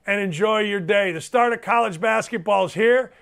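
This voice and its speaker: A man's voice: sits high, moderate pace, vocal fry, a bit bright. A middle-aged man hosting a sports talk show, talking in a blunt, emphatic way and repeating himself for effect.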